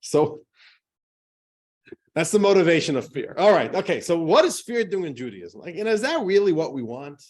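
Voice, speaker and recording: A man's voice: fairly high pitch, very animated, moderate pace, a little mellow. A male rabbi teaching an adult class. He talks conversationally, asks rhetorical questions and slips in jokes.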